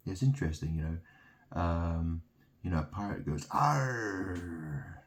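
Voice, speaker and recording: A man's voice: low voice, steady tone, normal speed, mellow. A man giving a rambling, insistent monologue, piling up wordplay and asking "okay?" again and again. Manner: insistent, repeats "okay?", plays on word sounds. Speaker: self-styled religious speaker.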